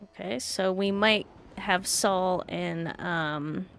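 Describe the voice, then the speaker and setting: A woman's voice: fairly low pitch, slow pace, creaky, fairly bright tone, faint music behind. A woman streamer giving casual game commentary with chatty, giggly asides.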